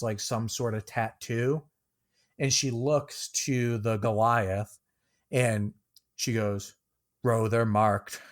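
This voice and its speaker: A man narrating a tabletop game as game master, casual and loose, with many fillers and small laughs. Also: medium pitch.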